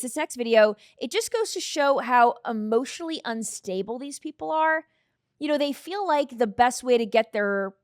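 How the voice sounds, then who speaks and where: Brief: woman host, opinionated live-stream talk, slightly high voice, dry close sound. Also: clean tone, dry recording. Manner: opinionated, conversational, reads out comments.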